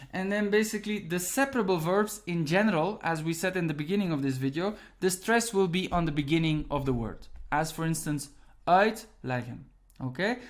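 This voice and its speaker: Man, language teacher, online lesson, fairly high voice, patient step-by-step explanations, frequent "okay?" check-ins.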